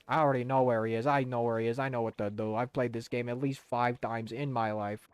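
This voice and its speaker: A man's voice: mid-range voice, steady tone, a little fast, hardly any pauses, clean tone, no room sound. A young man casually streaming a video game, rambling, swearing and humming to himself. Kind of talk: casual gaming stream chat.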